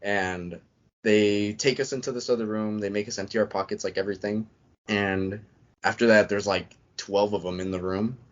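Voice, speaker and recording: With a fairly low, mostly even voice at normal speed, a former Marine tells his story as a podcast guest. He keeps it loose and rambling, with frequent "I'm like" asides. The recording has a dull, lo-fi quality.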